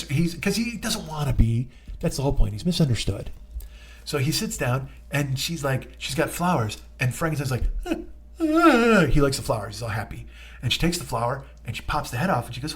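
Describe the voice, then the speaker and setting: A man's voice: mid-range voice, animated, fairly quick, husky. A man in his forties hosting a solo comedy podcast, riffing profanely and animatedly. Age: 40s.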